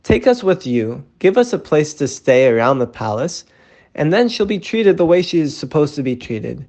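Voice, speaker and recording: A man's voice: a little high, very animated, normal speed, darkish tone. A man voicing a humble peasant husband who speaks apologetically to a king.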